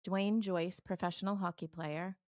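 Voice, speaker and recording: A woman's voice: on the low side, steady tone, normal speed, a little mellow, no echo, studio quality. A woman co-hosting a real estate show, reading lists of names and stumbling now and then. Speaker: real estate podcast co-host. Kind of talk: casual chat.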